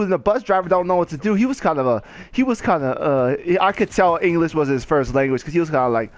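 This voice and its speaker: A man's voice: on the high side, fast, few pauses, dry recording. Rambling young man telling a story. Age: young adult. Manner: rambling, animated retelling with quoted voices. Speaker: gaming channel host. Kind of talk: casual story time over gameplay.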